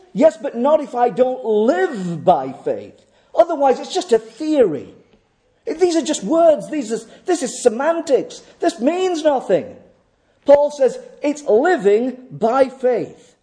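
Emphatic high-voiced male preacher. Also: dark tone. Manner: emphatic, repeats key phrases, asks rhetorical questions. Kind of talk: sermon.

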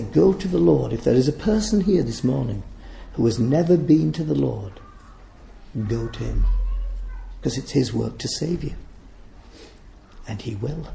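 A man's voice: mid-range voice, animated, unhurried, vocal fry, mellow, echoey room, slight background noise. A man preaching a sermon in a church, speaking emphatically and repeating phrases for stress.

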